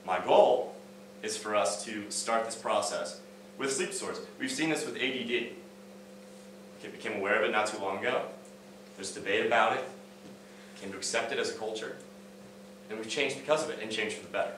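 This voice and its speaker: A young man tells a casual story on stage in a low voice, full of fillers and repeated words. He sounds set back from the mic, and the sound booms around a big echoey hall. A faint hum sits under it. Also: a little fast, long pauses, distant mic. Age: young adult. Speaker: student speaker. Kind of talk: student talk on stage.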